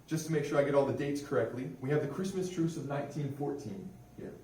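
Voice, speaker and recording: A man's voice: mid-range voice, fast talker, dark tone. Chatty young airman talking in a roomy hall. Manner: chatty, asks the audience questions. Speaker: religious affairs airman giving a talk. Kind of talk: informal history talk to a museum audience. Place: museum room. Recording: roomy hall, distant mic, faint noise.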